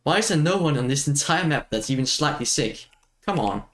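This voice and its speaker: A man's voice: a little high, lively intonation, a little fast, fairly bright tone. A man streaming a video game, chatting casually as he plays, rambling and self-mocking and laughing often. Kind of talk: casual gameplay chat.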